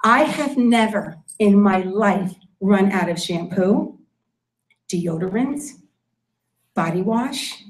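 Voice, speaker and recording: With a mid-range, animated voice and a slow pace, a network marketing presenter makes an emphatic sales pitch to an audience in a meeting room, going over her key points repeatedly. The echoey recording carries a little hiss or hum.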